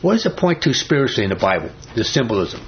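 A man's voice: medium pitch, very animated, fast, slight background noise. Male preacher teaching a Bible study, emphatic and questioning, captured on a dull lo-fi recording. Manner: emphatic, repeats "I'm telling you", asks the listeners questions.

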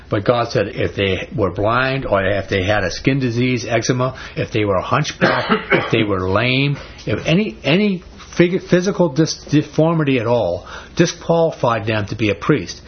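A man's voice: medium pitch, animated, normal speed, muffled recording, a little hiss or hum. A man teaching a Bible study in a conversational, emphatic sermon style with frequent restarts.

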